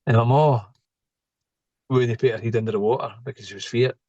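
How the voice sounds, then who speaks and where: A man's voice: medium pitch, fairly even intonation, fairly quick, darkish tone, dry recording, muffled recording. A middle-aged man, a podcast guest telling stories in a casual, joking way and laughing at his own tales. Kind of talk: casual storytelling interview.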